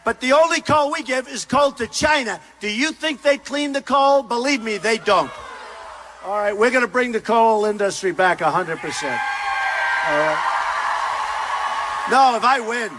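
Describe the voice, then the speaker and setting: A man in his sixties giving an emphatic, repetitive campaign speech at a rally, often shouting. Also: very high voice, normal speed, background noise. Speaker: political candidate at a rally. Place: large university arena.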